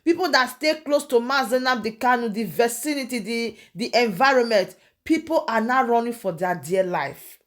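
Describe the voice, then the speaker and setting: A woman's voice: on the high side, lively intonation, moderate pace. A woman reading out news reports and commenting on them emphatically, often repeating her key phrases.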